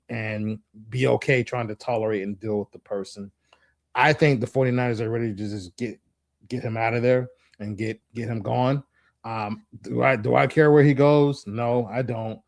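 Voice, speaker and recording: A man co-hosting a casual sports talk show, giving his opinions in halting, restart-filled speech. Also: mid-range voice, darkish tone, no echo, clean studio sound. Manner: halting, many restarts and "you know"s. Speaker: podcast co-host.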